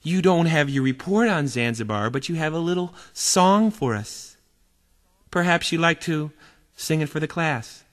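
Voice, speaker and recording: A man's voice: on the high side, animated, moderate pace, pitched above the performer's own voice, lightly acted. A man doing an exasperated schoolteacher. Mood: sarcastic. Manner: lecturing, exasperated, repetitive. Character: stern weary male schoolteacher. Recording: reverberant hall, guitar behind.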